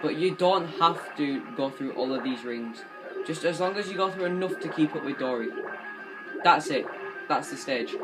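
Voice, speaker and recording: A man's voice: on the high side, normal speed, low-quality recording. Chatty young man commentating a game. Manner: rambling, chatty, swears casually. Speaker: gaming commentator. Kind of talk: casual gameplay commentary. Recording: game music playing behind.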